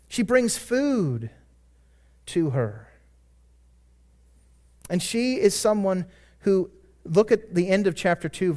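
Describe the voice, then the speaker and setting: A man's voice: on the high side, darkish tone. A man preaching a sermon, earnest and conversational, rising to emphatic peaks and dropping into casual asides. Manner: conversational asides and self-corrections. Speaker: pastor.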